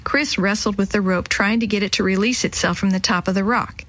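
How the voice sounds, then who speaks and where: A woman storyteller warmly reading a children's chapter book aloud, acting out the voices. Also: medium pitch, brisk, no room sound, rough recording. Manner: warm, expressive reading, acts out voices.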